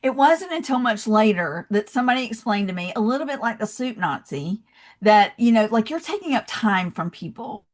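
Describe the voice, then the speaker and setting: A woman with a Southern US accent, a little higher-voiced than most, chatting as a podcast guest. She tells her stories with animated energy and scatters "you know" through her sentences. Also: normal speed. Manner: animated storyteller, many "you know" fillers. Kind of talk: casual interview chat.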